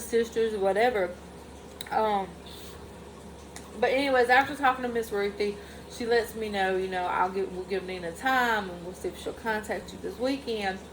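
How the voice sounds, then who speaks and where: A woman's voice: mid-range voice, slight background noise, rough recording. A young woman, candidly telling a personal family story to her followers in a casual vlog, speaking in loose run-on sentences full of "like". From Mississippi. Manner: heartfelt and candid, peppered with "like". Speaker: vlogger.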